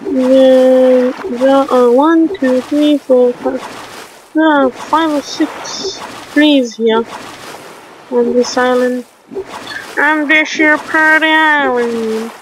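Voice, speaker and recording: A woman's voice: high-pitched, fairly even intonation, very slow, slight background noise, rough recording. A woman giving casual let's play commentary, reacting to the game with swearing and exclamations on a desk mic. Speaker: gamer. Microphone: desk mic on a stand.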